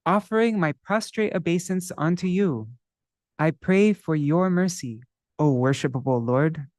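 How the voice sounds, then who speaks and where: A man's voice: fairly high pitch, a little mellow, no echo, studio quality. A man teaching a devotional song text in a live class, explaining words one by one and stopping to look them up in a dictionary. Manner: chants scripture verses slowly.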